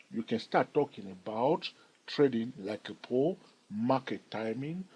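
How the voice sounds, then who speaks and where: A man's voice: medium pitch, a little mellow, slightly rough, low-quality recording. A man hosting a stock trading channel, explaining charts and chatting jokily with viewers, checking in often with "all right?". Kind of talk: chart analysis tutorial.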